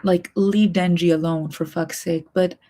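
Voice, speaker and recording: A young woman in her twenties chatting casually on a soft-spoken stream, rambling and often slipping into a whisper. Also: on the low side, fairly even intonation, measured pace. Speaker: streamer and hobby voice actor.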